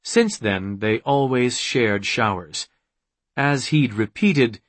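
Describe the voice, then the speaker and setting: A man narrating an audiobook in a measured, unhurried reading. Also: medium pitch, animated, dry recording. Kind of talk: scripted narration.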